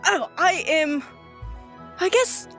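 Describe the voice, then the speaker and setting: A woman's voice: very high-pitched, expressive, slow, fairly bright tone, soft background music, pitched above the performer's own voice, heavily acted. A woman voicing a wacky, eccentric male god of dreams in a tabletop game, with theatrical, whimsical delivery. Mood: excited.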